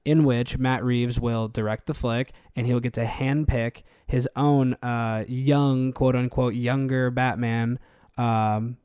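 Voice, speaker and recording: A man co-hosting a podcast, chatting casually in an animated, rambling way with frequent laughs. His voice sits mid-range and is recorded close and dry. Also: mid-range voice, slow pace, smooth, dry recording. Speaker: podcast co-host. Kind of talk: casual chat.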